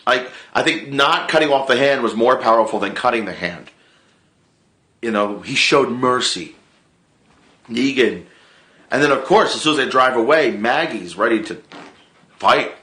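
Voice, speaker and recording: A man casually recapping a TV episode, animated and swearing freely, re-enacting his own reactions. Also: medium pitch. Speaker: TV show reviewer. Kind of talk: casual excited recap vlog. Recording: echoey room.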